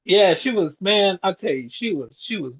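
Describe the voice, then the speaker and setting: In casual chat, a podcast co-host in his sixties shares reflective stories and chuckles frequently. His animated voice sits high with a breathy edge, moving at a normal pace. It's captured in dull, lo-fi sound.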